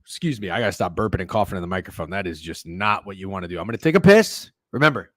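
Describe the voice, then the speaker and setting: A man's voice: deep voice, animated, very fast, dry recording. A man hosting a sports betting livestream, chatting casually with chat and co-hosts in a rambling, profane, joking way, with a sore throat and a cough, close to the microphone. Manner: rambling, profane and joking, with sudden loud outbursts. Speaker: sports betting stream host. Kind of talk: casual livestream chat reading viewer messages. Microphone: close studio microphone.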